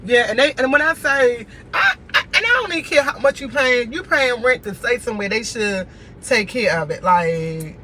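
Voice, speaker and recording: High-voiced, exasperated man venting. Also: normal speed, pushed and bright, slight background noise, poor audio. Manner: exasperated, repetitive ranting. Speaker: vlogger. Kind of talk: casual venting vlog. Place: inside a car.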